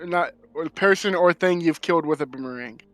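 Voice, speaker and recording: A man's voice: on the high side, brisk, fairly bright tone, soft background music. A man from Tennessee, a tabletop game player joking and asking playful questions on a voice call. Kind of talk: casual chat.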